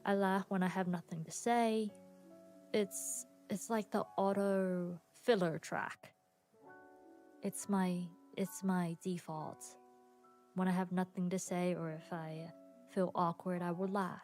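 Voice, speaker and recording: A woman hosting her own podcast on a live stream, chatting casually with viewers, laughing often and leaving long pauses and restarts. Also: on the low side, darkish tone.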